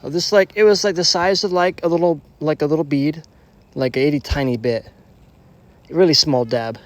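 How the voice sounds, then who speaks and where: A young man with a slightly high voice tells a casual, rambling story, heavy on slang and swearing. He restarts his sentences often and piles on filler. The sound is dry and close. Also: moderate pace, dry recording. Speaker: storytelling vlogger.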